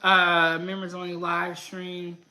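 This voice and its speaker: A woman's voice: lowish voice, completely flat delivery, slow, pushed and bright. A woman hosting a casual live stream, chatting and laughing as she reads out viewer comments.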